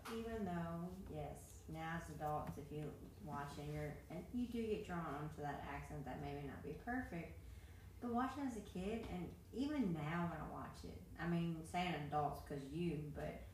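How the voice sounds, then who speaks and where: A woman with a lower voice co-hosts a relaxed chat and answers with dry comebacks. She sits away from the mic in a very echoey room, with a faint hiss behind her. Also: moderate pace, far from the mic. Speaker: podcast co-host. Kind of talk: casual chat.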